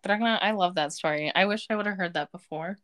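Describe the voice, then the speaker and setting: A woman's voice: medium pitch, fast talker, a bit bright. A woman in her twenties co-hosting a podcast, chatting casually and filling her speech with "like". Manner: chatty, uses lots of fillers. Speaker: podcast co-host. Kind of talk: casual chat.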